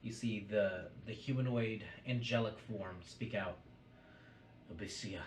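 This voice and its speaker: Slow low-voiced guy running a tabletop game, echoey room, far from the mic. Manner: descriptive, measured. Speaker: game master. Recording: roomy distant mic, faint noise.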